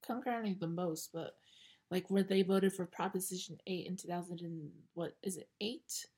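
A woman's voice: on the low side, fairly even intonation, normal speed, a little mellow, breathy edge. A woman in her twenties who hosts a podcast and rants bluntly with lots of swearing. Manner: blunt, profane, sassy. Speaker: podcast host reacting to clips. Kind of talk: casual ranting commentary.

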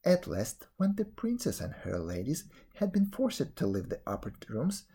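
A man reading a fairy tale aloud, expressive storytelling with a few slips. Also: fairly high pitch, normal speed, husky. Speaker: reader.

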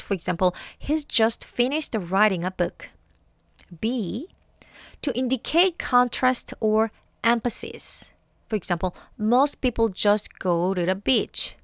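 A woman with a Korean accent teaching English, reading sentences aloud slowly and explaining them. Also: medium pitch, dry recording, studio quality.

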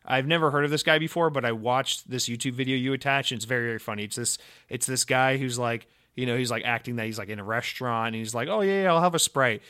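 A man's voice: mid-range voice, fairly even intonation, quick pace, pushed and bright, smooth. A young adult man hosting a solo podcast, ranting in a mock-serious, rambling way with lots of fillers and restarts. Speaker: podcast host.

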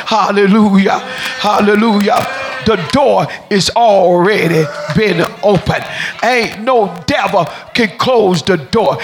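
A woman preacher delivering a fiery sermon in a rhythmic, repetitive cadence, shouting and speaking in tongues. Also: medium pitch, expressive, slow pace, slight background noise.

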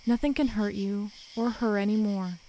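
Quiet, tender young woman in a storybook, hushed and soft, read by a woman narrator. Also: medium pitch, steady tone, moderate pace, a little hiss or hum, close to an everyday voice, rough recording. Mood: soothing. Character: gentle young woman soothing a hurt dog.

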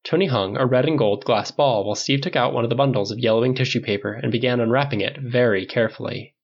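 Husky man reading fiction aloud. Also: medium pitch, quick pace, dull audio. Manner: expressive, does voices. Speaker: audiobook reader. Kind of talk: fan fiction read aloud.

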